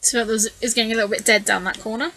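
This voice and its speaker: A woman with a crisp, bright tone that sits a touch high talks a viewer through her scrapbooking in a loose, hesitant voice-over. She sounds a little tired and yawny, and she fills her pauses with frequent ums as she thinks aloud. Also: fairly even intonation, rough recording. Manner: rambling, hesitant, with frequent fillers. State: tired, yawning. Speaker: scrapbooking channel host. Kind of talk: casual voice-over narration of a craft video.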